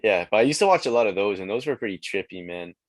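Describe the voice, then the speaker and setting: A laid-back teenage guy from Quebec talks in a casual interview. His voice sits low, and the close recording is very dry. He keeps leaning on "like" and "man" as fillers. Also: lively intonation, fast, no echo. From Quebec, Canada. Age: teens. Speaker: guest rapper. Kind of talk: casual chat.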